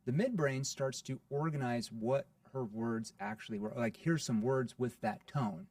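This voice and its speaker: A man guest on a podcast interview, explaining sales in an energetic teaching way, often asking rhetorical questions like "right?". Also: medium pitch, moderate pace, no room sound, far from the mic.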